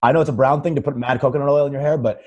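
A man's voice: mid-range voice, fairly even intonation, rapid-fire, highs cut off, background noise. A young man in a casual comedy podcast chat, crude and riffing, saying dude a lot. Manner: crude, riffs with put-on voices, says dude a lot.

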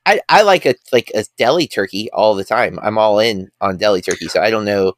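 A man's voice: on the low side, expressive, a little fast. A man co-hosting a podcast, chatting casually and rambling with restarts. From United States. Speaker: podcast co-host.

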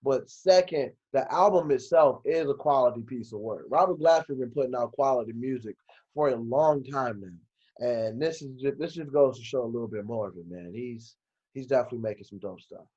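A man co-hosting a casual chat, relaxed and slangy. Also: mid-range voice, brisk, breathy edge, highs cut off. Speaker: podcast co-host.

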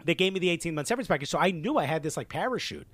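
A man from Newark in his thirties tells a story in a relaxed podcast conversation, slipping into the voices of the people in it. His voice sits a bit high for a man. It is recorded close and dry, with no room sound. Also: rapid-fire, dry recording. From Newark, New Jersey. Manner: animated storyteller who acts out quoted dialogue. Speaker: podcast co-host telling a story. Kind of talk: casual chat, storytelling.

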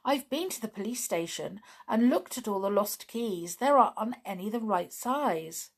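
A woman's voice: mid-range voice, lively intonation, moderate pace, slightly rough. A woman voicing a kind, worried male sailor doll in a children's story.

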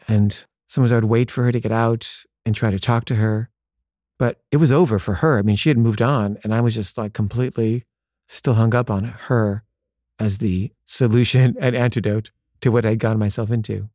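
A man's voice: mid-range voice, steady tone, brisk, darkish tone, no room sound, studio quality. A man telling a personal story in a loose conversational way, full of "like" fillers and acted-out bits of dialogue. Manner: conversational, frequent "like" fillers, acts out quoted dialogue.

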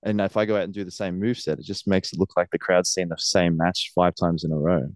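A man's voice: sits low, little pitch movement, fast, no echo. A man, a professional wrestler speaking earnestly in a casual interview and laughing often.

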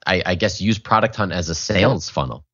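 A man's voice: deep voice, brisk, fairly bright tone, highs cut off. A man hosting a casual interview, asking easygoing questions and answering with short affirmations. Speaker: interview host.

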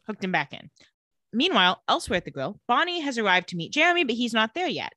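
A woman's voice: on the high side, quick pace, no echo. A woman co-hosting a casual podcast, animatedly recapping a TV episode and acting out the characters' lines. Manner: animated storyteller who acts out characters' quotes. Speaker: podcast co-host.

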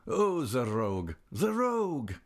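A man's voice: medium pitch, big pitch swings, takes it slowly, gravelly, darkish tone, breathy edge, voice pushed up, heavily acted. A man doing a mocking, worldly count. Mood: amused.

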